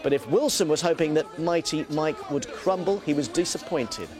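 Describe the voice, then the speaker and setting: A man presenting the sports news on breakfast television, brisk and bright, with light banter between items. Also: fairly high pitch, over music.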